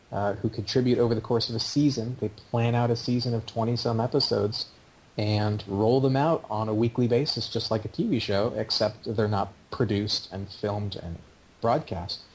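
A man's voice: on the low side, steady tone, moderate pace, a little hiss or hum, rough recording. A man hosting a podcast, talking in a chatty, opinionated way. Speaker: podcast host. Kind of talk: casual podcast chat.

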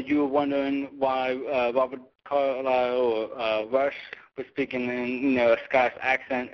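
A man from North Carolina leaving a hesitant voicemail question, full of pauses. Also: mid-range voice. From North Carolina, USA. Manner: hesitant, many ums and uhs. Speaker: caller. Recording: muffled voicemail line.

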